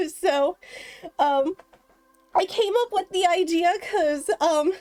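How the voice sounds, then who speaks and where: A woman's voice: very high voice, slow, long pauses, darkish tone, no room sound. A woman streamer chatting casually on a live stream, rambling and giggling, out of breath.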